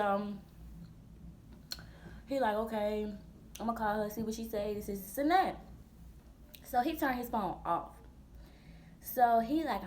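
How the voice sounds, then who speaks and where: A woman in her twenties, a vlogger telling a storytime in a blunt, profane, animated way full of slang. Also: medium pitch, a little hiss or hum. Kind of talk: storytime vlog.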